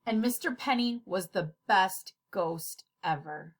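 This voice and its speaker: A woman reading a children's storybook aloud in an expressive, animated way. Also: mid-range voice, slow pace. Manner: expressive, giggly when slipping up. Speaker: storybook reader.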